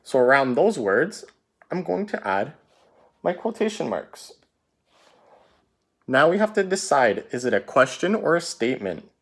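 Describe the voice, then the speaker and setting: A man leads a recorded writing lesson for his students and walks through each punctuation rule one careful step at a time. His pitch rises and falls a lot as he explains. He keeps checking in with a quick "right?" as he goes. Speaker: teacher.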